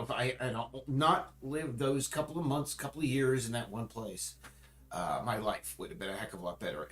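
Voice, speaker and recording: A man chatting casually on a livestream, rambling and often restarting and correcting himself mid-sentence. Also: mid-range voice. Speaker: streamer. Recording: roomy echo.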